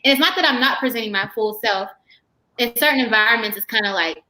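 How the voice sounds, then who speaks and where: A woman's voice: on the high side, expressive, fairly quick, sharp tone, low-quality recording. A woman guest on a panel discussion, speaking candidly and emphatically with laughs between her points.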